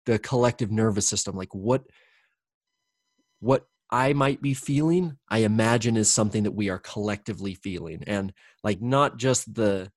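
A man's voice: lowish voice, normal speed, no room sound. Guy rambling candidly about his life, lots of likes and ums, dry close sound. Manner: rambling, candid, with frequent fillers and restarts; swears casually. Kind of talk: casual reflective conversation.

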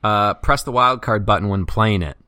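A man co-hosting a casual podcast, reading out listener write-ins quickly and joking with his co-host. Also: on the low side, pushed and bright, dry recording, clean studio sound.

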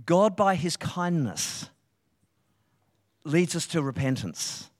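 An Australian pastor with a high-pitched voice preaches to his church in an animated, conversational manner, often breaking off and restarting his sentences for emphasis. His voice carries a long reverb from a large church hall. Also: slow pace. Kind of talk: sermon. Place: church hall, live service.

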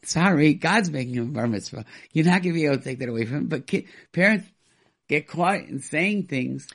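Male radio advice host. His voice is gravelly and full of fry, and he talks with emphasis. He acts out quoted parents as he explains. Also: medium pitch, expressive, a little fast. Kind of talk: call-in radio advice talk.

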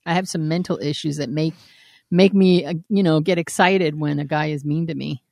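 Woman podcast co-host, teasing and quick to laugh, dry close sound. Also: deep voice, fairly even intonation, vocal fry, darkish tone, no room sound. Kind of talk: casual chat. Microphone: home laptop recording.

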